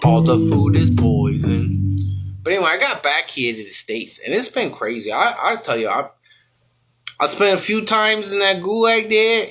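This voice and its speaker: A man telling a wild comedic tall tale in rambling, ungrammatical, excitable bursts. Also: high-pitched. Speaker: comic storyteller. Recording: loud music behind. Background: loud music.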